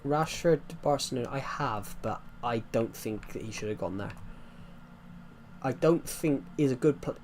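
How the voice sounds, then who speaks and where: A man's voice: mid-range voice, moderate pace, darkish tone, a little hiss or hum. A man with a West Country accent chatting casually to his viewers while playing a game, rambling and restarting his sentences. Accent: West Country English. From England. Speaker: streamer. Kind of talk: casual live-stream chat while playing.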